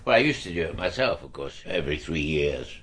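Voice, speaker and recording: An actor playing a mild, rambling older father in a comedy drama, with a husky voice. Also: very deep voice, very animated, a little fast, fairly bright tone, full character voice. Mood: puzzled. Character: pale vague old father in pyjamas. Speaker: father thought dead.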